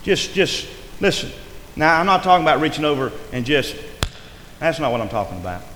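Very animated and a little fast, a man preaches in a slightly bright voice on the high side. He stresses words often within a rising and falling preaching cadence. The recording has the long reverb of an echoey hall plus faint noise.

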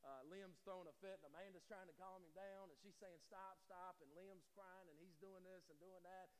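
A man preaches from the pulpit in a folksy storytelling manner, often turning to the congregation with a quick "right?" His voice sits high for a man. The sound rings out with the long reverb of a large church sanctuary. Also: clean tone. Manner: folksy, laughing, addresses the congregation directly. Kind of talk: storytelling sermon.

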